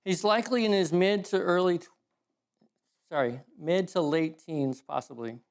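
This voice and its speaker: Animated higher-voiced male preacher. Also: moderate pace. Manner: casual, animated storytelling with self-corrections. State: emotional. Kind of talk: sermon.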